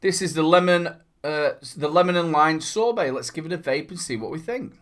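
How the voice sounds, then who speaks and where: A man's voice: a little high, brisk, fairly bright tone. A man hosting a casual review vlog. He talks in a chatty, upbeat, rambling way and adds playful asides. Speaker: vape reviewer and channel host.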